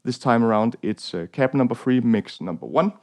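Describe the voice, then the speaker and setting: A young man from Denmark, speaking with a Danish accent, hosts a guitar tone tutorial. His voice is medium-pitched with lively intonation and a moderate pace. It's a casual gear walkthrough, rambling and full of fillers and self-deprecating jokes.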